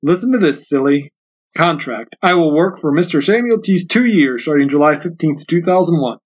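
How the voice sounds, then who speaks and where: A man voicing a cold, domineering storekeeper who bullies a boy with a contract, in a slightly high, dull lo-fi recording. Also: lively intonation, normal speed. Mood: menacing. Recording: dull lo-fi sound.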